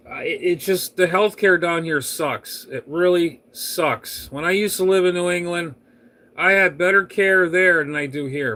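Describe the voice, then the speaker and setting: A man's voice: on the high side, sharp tone. A man on CB radio, chatting casually in a rambling, grumbling, fed-up way. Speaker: CB radio operator.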